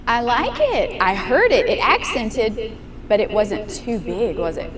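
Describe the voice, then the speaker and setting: Woman piano teacher, encouraging master-class coaching, animated pitch, piano heard in the room. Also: measured pace. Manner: encouraging, asks guiding questions.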